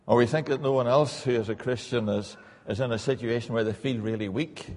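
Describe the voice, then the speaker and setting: A middle-aged man preaches in a church, earnest and pressing his points home by repeating them. His voice sits at an ordinary pitch and rings out with a long reverb from the hall. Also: fairly quick, a little mellow. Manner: earnest, repeats lines for emphasis. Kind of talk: sermon.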